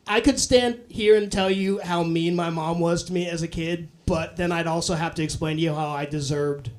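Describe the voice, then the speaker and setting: A young man with a notably high voice performs live stand-up. He talks loosely and swears freely, slipping into quick impressions of other people as he goes. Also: steady tone. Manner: loose, profane storytelling with bursts of acted voices. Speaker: stand-up comedian.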